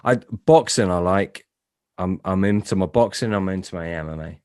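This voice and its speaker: A man's voice: low-pitched, moderate pace, over a noisy crowd. A man hosting a podcast, asking blunt questions in a casual, sweary manner. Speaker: podcast host.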